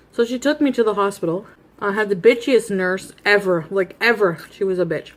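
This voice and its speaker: A woman's voice: mid-range voice, a little fast. A woman telling a chatty, confessional story while eating on camera, casual storytime. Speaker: mukbang vlogger.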